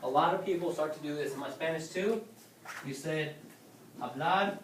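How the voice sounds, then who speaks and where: A man's voice: on the high side, moderate pace, distant mic, a little hiss or hum. A man teaching a class, lecturing and often asking questions and checking with "okay?". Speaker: Spanish teacher. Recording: roomy classroom from afar.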